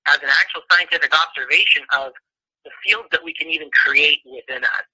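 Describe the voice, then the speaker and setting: A man's voice: a little high, sharp tone, husky, low-quality recording. A man as a guest in an interview, talking casually and rambling with many restarts.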